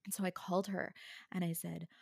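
A woman's voice: lowish voice, fairly quick, gravelly, husky, no echo, studio quality. A woman recounting a personal story in casual conversation as an interview guest, bringing the people she quotes to life. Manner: animated, acts out the other people she quotes.

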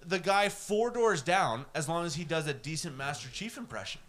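A man's voice: a little high, animated, normal speed, fairly bright tone. A man co-hosting a podcast, chatting casually, blunt and emphatic, swearing often. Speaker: podcast co-host. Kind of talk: casual chat.

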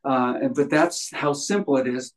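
Casting note: man, middle pitch, casual interview guest, rambling storyteller full of ums. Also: moderate pace, poor audio. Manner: rambling, many fillers, acts out voices in anecdotes. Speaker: guest, healing practitioner.

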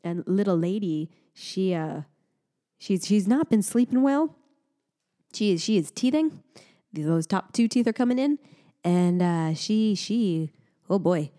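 A young adult woman co-hosting a podcast in casual chat, talking in an animated way, laughing often and sounding sleep-deprived. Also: mid-range voice, measured pace. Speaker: podcast co-host.

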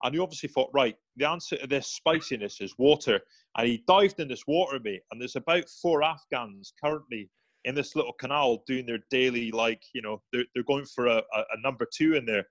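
Man telling lively war stories. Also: mid-range voice, a little fast, no echo. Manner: animated anecdotes with quoted voices, many restarts. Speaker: guest, former soldier. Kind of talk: casual storytelling interview.

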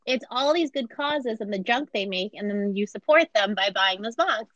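Slightly high and lively in intonation, this podcast co-host speaks at a normal speed with a fairly bright tone. She jokes and chats casually while recounting a true crime case, performing the quoted lines herself. There's no echo, though the recording sounds muffled.

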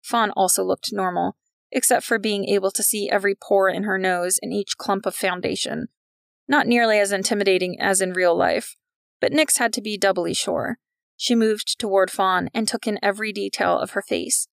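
Gravelly woman narrating a story. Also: mid-range voice, steady tone, moderate pace, dry recording, studio quality. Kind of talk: scripted narration of a fiction podcast.

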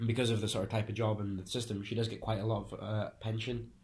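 A young man with a lowish voice talks casually, explaining things at length. He often restarts his sentences and pauses to hunt for the right word, with a loose, unscripted flow. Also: little pitch movement, a little mellow. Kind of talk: casual conversation.

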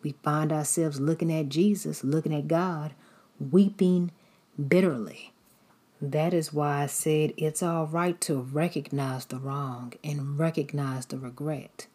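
Low, husky woman preaching. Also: a little mellow. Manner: repetitive, rhythmic preaching cadence. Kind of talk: sermon.

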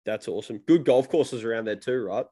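A man hosting a casual interview, relaxed and chatty, asking questions. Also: mid-range voice, a little fast. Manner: relaxed, chatty, laughs along. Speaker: podcast host.

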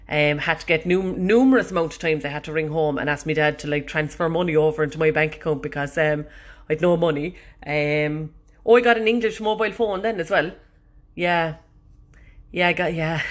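A woman from Ireland with a Cork accent, hosting a podcast and telling stories in a chatty, self-mocking way that is full of swearing. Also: low-pitched. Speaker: podcast host. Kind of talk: casual storytelling monologue.

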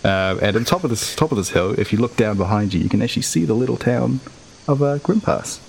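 A man narrating a tabletop game as game master, relaxed and full of hesitant fillers. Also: mid-range voice, quick pace, vocal fry, slight background noise.

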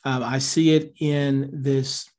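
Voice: medium pitch, little pitch movement, takes it slowly, darkish tone. Host voice: agreeable, hesitant, filler-heavy political chat. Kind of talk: political conversation.

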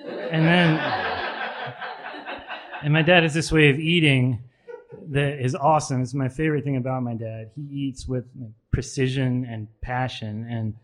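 A man's voice: mid-range voice, steady tone, a little slow. A man at a live literary reading in a pub carriage house, nervously telling a rambling anecdote full of ums and restarts. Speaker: author reading at a literary event.

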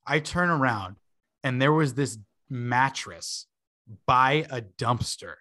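A man's voice: mid-range voice, slow pace, sharp tone. A man in his twenties, a podcast host, telling a long story in a casual way, full of fillers and laughing asides.

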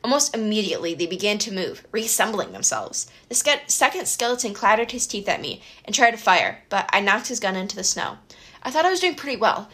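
Bright, expressive woman narrating an audiobook. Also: medium pitch, a little fast. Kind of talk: first-person audiobook narration.

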